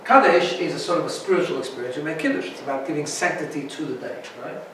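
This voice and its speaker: A man's voice: on the high side, quick pace, a bit bright, very echoey, far from the mic, slight background noise, low-quality recording. A man teaching an informal Torah class as a rabbi, chatty and often checking in with "right?". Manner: chatty, keeps asking "right?".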